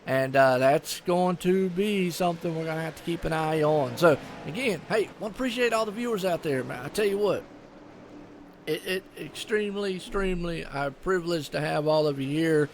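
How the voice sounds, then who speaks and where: A man's voice: on the high side, moderate pace, soft background music. A man with a Southern US accent giving live commentary on an online sim race in a folksy, chatty way. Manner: folksy, chatty, lots of "I tell you what" and "y'all".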